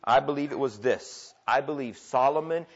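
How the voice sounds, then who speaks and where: A man's voice: medium pitch, moderate pace. Impassioned male preacher, lo-fi recording. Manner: impassioned, swings from loud emphatic preaching to quiet intimate asides. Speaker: pastor. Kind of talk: sermon. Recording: dull lo-fi church recording.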